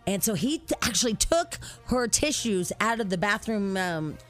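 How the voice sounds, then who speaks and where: A woman co-hosting a talk show, chatting casually and telling celebrity gossip in an animated storytelling way. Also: medium pitch, normal speed, faint music behind.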